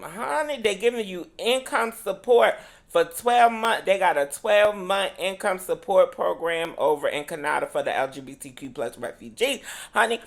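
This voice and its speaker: A woman's voice: fairly low pitch, creaky. A woman co-hosting a casual podcast, sassy and profane, calling everyone "honey" as she chats. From United States. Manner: sassy, says "honey" constantly, swears freely. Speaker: podcast co-host.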